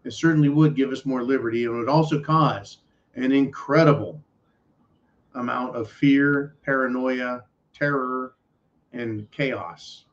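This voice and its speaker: A man's voice: medium pitch, a little slow. A man hosting a podcast, rambling and ranting with profanity and sarcasm. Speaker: podcast host. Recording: dull lo-fi audio.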